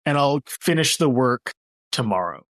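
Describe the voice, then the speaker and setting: A man's voice: medium pitch, animated, moderate pace, fairly bright tone, no echo. Brief: male player, mid voice, wry, stop-start delivery. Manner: self-correcting, wry. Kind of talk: tabletop role-play.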